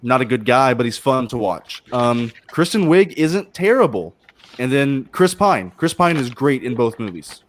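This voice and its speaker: A man's voice: mid-range voice, big pitch swings, normal speed. A man on a casual livestream panel, giving blunt, exaggerated opinions and stumbling over his words. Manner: blunt, hyperbolic, stumbles and restarts. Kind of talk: casual chat.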